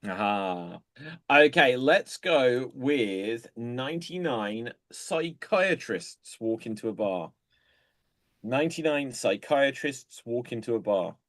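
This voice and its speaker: Brisk man hosting improv, dry sound. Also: medium pitch, lively intonation, fairly bright tone, no room sound. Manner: brisk, calls on players by name. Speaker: improv host. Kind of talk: hosting an improv game on a video call. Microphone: video call.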